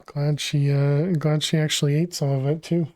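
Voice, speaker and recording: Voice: medium pitch, little pitch movement, normal speed, dark tone, dry recording, clean studio sound. A game streamer talking through a build during a live stream, muttering and restarting sentences as they think aloud, from a home room on a desk microphone. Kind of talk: casual live-stream gameplay commentary.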